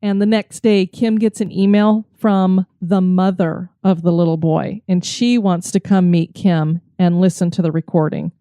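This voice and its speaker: Woman podcast host, mellow tone, dry close sound, lively storytelling. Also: lowish voice, normal speed, few pauses, clear, resonant tone, dry recording.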